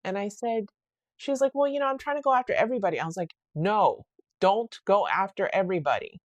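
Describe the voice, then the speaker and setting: A young woman chats alone into her podcast mic, telling a story in a loose, rambling way. She is full of fillers and restarts, and her voice sits at an ordinary middle pitch. The sound is close and dry, with no room around it. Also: quick pace, dry recording. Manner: rambling, animated retelling with many fillers and restarts. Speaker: podcast host. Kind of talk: casual solo podcast storytelling.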